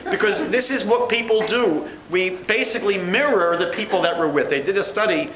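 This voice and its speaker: A man giving a lecture as a rabbi and educator, lively in his delivery and acting out quoted dialogue. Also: sits high, a little fast, background noise. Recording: echoey room.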